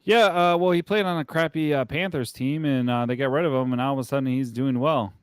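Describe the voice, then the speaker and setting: A man's voice: medium pitch, quick pace, clean tone, no room sound, studio quality. A man co-hosting a casual comedic podcast, joking and profane as he plays the show's injury doctor. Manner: joking, profane, switches into bits.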